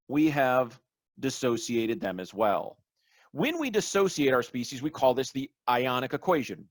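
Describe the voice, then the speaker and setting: A man's voice: medium pitch, no echo. A man giving a recorded online chemistry lecture, explaining step by step through exam examples.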